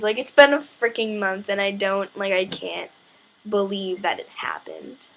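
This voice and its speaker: A young woman in her teens excitedly retelling a story in a casual vlog, gushing and full of "like" fillers. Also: medium pitch, unhurried, gravelly, a little hiss or hum.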